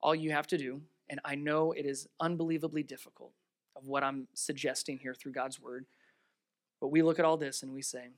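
A pastor with children of their own preaching a sermon, emphatic and full of rhetorical questions, swinging between raised, stressed lines and quiet, earnest ones. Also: mid-range voice, steady tone, brisk. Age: adult with children.

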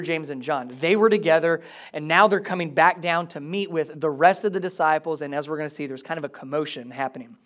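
A man delivers a sermon to his congregation. He reads a scripture passage aloud, then explains it in a relaxed, conversational way. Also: on the high side. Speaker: pastor.

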